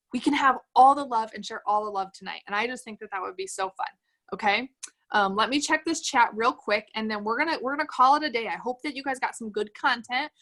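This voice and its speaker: Her voice a little high and somewhat bright, a woman leads her sales team over a livestream. She's a direct-sales team leader delivering cheerful motivation and reading out comments from the chat.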